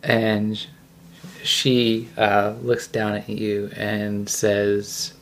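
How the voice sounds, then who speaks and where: Slow calm game master running a tabletop game. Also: medium pitch.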